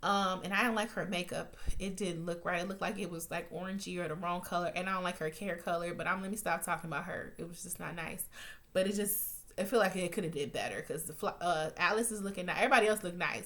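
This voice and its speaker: A woman with a fairly low, slightly bright voice talks fast as she recaps a TV episode. She's casual, chatty, and blunt, swearing freely, full of fillers and restarts, and her voice jumps up when she gets worked up.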